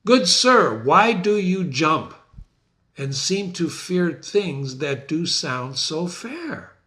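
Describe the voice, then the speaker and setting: A man's voice: a little high, very animated, pushed and bright, heavily acted. A man reading as a bold, questioning Scottish general. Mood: puzzled. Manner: slow, measured declamation. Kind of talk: dramatic reading of a play quote.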